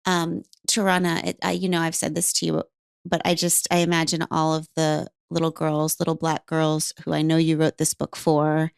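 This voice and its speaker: A woman's voice: low voice, monotone, moderate pace, vocal fry, clean tone, no echo, studio quality. A woman co-hosting a podcast who speaks earnestly and emphatically to her guest. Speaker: podcast co-host. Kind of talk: casual chat.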